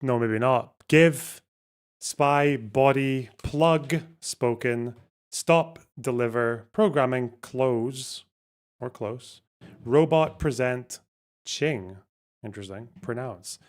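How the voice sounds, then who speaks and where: A man's voice: mid-range voice, slow pace, clear, resonant tone. A man hosting a casual livestream, thinking aloud and muttering over a word puzzle, swearing now and then. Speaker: livestream host.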